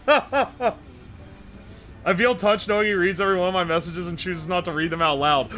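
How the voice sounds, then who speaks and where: A man's voice: high voice, fairly even intonation, normal speed, long pauses, fairly bright tone. A man streaming live, reading his chat aloud and reacting in a joking, profane way. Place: home streaming setup.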